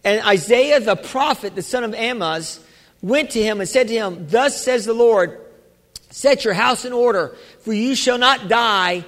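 A male pastor preaching a sermon, halting with many restarts and rising to shouts at the peaks. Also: sits high. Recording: long reverb of a large hall.

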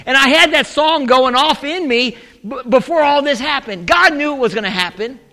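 A pastor with a very high, bright voice rambles through a sermon story, chuckling at himself and breaking into loud shouted exclamations. His voice rings out with a long reverb in a big church hall. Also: lively intonation, moderate pace. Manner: rambling storytelling with laughs and asides.

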